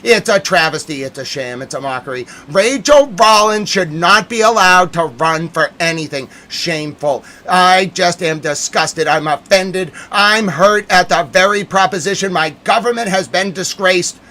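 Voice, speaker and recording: A man hosting a live stream, ranting in theatrical mock outrage and swinging between shouted lines and muttered asides. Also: high voice, normal speed, hardly any pauses. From Massachusetts. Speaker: livestream host.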